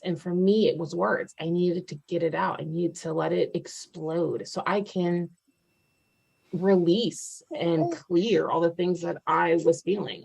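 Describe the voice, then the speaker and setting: Candid woman telling her own story, low gravelly voice, lots of ums. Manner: candid, filler-heavy, rising to animated retelling. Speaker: testimonial speaker. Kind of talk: personal testimony.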